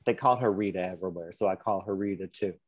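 Animated man on a dry mic. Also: deep voice, fast talker, no echo. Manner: animated, swears, puts on sassy voices for quotes. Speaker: podcast co-host. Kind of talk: casual podcast chat.

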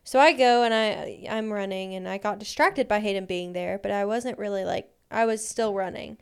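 A woman co-hosting a podcast, telling a story in a casual, animated way, with lots of "like". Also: medium pitch, clean tone. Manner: animated, fast anecdotes full of "like". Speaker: podcast co-host.

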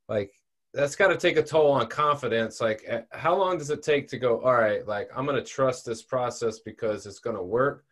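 A man's voice: mid-range voice, a bit bright. A man interviewing a fighter, asking long, rambling questions with repeated words.

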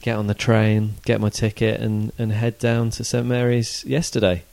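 A man's voice: on the low side, level tone, moderate pace, vocal fry, a little mellow. A man co-hosting a casual football podcast, chatting in a rambling way with fillers and restarts. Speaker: podcast co-host.

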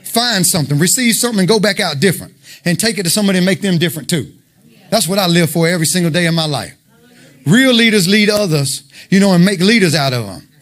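A man's voice: sits high, expressive, quick pace, fairly bright tone. A man preaching an informal sermon, conversational and emphatic, full of rhetorical questions.

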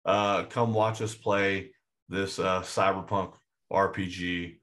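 Low-voiced excitable podcast co-host, man. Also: slow pace. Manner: excitable, rambling with restarts. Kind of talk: casual chat.

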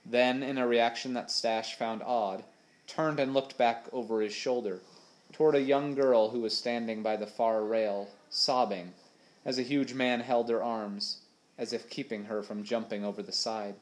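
A man reading a children's adventure novel aloud with steady, expressive storytelling. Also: mid-range voice, unhurried. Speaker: audiobook narrator. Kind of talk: storybook narration.

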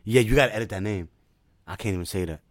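A man, co-hosting a casual podcast chat with loud, joking, slang-heavy banter. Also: on the low side, quick pace, no room sound, studio quality. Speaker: podcast co-host.

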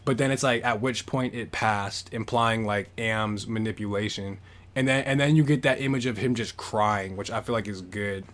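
A man's voice: lowish voice, normal speed, a bit bright. Man, podcast host, casual book talk, rambling, filler-heavy.

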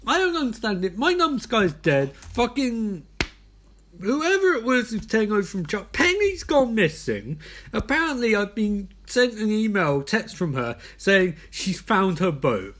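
Frazzled high-voiced man ranting. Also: very animated, measured pace, fairly bright tone. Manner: swinging between frantic rants and exhausted mumbling, swearing often. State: exhausted. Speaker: podcast host. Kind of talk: comedic podcast monologue.

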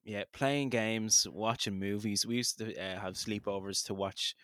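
A man's voice: lowish voice, fairly even intonation, measured pace, a bit bright, clear, resonant tone, no echo, clean studio sound. A man co-hosting a podcast, chatting casually, swearing freely and laughing often. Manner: laughs a lot, sweary and enthusiastic. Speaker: podcast co-host. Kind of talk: casual chat.

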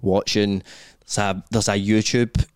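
A man's voice: fairly low pitch, level tone, unhurried, darkish tone, smooth, no echo. A young Scottish man co-hosting a podcast, chatting casually with lots of swearing and jokey voices in his stories. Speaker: podcast co-host. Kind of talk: casual chat.

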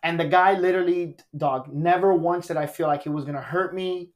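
A man's voice: on the high side, fairly quick. A man, a stand-up comedian, telling a story on a podcast in a casual, profane way and acting out quotes. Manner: animated, profane, acts out quotes.

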